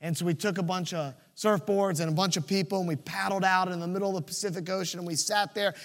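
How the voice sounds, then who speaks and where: A young man from Virginia Beach preaching a sermon, telling a story and acting out the shouted lines. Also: high-pitched, fairly even intonation, quick pace. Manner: storytelling, acts out shouted quotes. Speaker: pastor.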